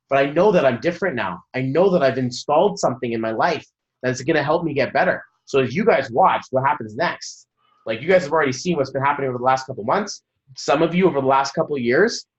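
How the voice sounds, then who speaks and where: A man's voice: fairly high pitch, highs cut off. A man in his thirties, a numerology coach giving a motivational talk to a group on a video call, telling stories animatedly and laughing mid-sentence. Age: 30s.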